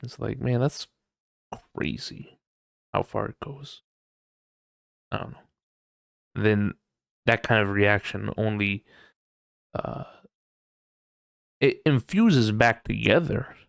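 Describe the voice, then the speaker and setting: A man's voice: fairly low pitch, takes it slowly, creaky, pauses often, dry recording, clean studio sound. A man hosting a casual solo podcast, rambling loosely and laughing often, with lots of "you know". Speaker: podcast host.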